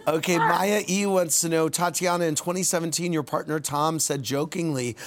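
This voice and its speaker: High-voiced giggly male talk show host. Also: steady tone. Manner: playful, giggly and quick to laugh. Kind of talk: late-night talk show chat. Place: TV studio with a live audience.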